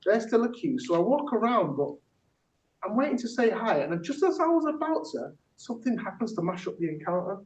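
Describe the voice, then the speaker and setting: A man's voice: sits high, big pitch swings, fairly quick. A man, a workshop facilitator performing spoken word poetry with punchy rhythm, then discussing it with a group. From Yorkshire, England. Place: theatre workshop room. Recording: echoey room from a distance, dull.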